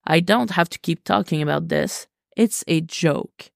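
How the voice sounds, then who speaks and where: A woman's voice: low voice, unhurried, creaky, dry recording, studio quality, heavily acted. A woman reading a podfic, voicing a flustered young man who keeps insisting it was a joke. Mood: exasperated. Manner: defensive, exasperated.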